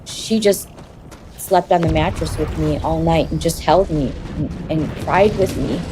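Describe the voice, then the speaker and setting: A woman telling her personal story in an interview, in a halting, confessional way. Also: deep voice, over music.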